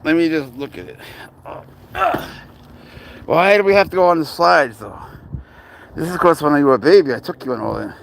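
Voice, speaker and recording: A man's voice: a little high, lively intonation, brisk, creaky, pauses often, slight background noise. A man filming his cat at an outdoor playground, chatting casually with profane, exasperated banter. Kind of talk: casual vlog chat.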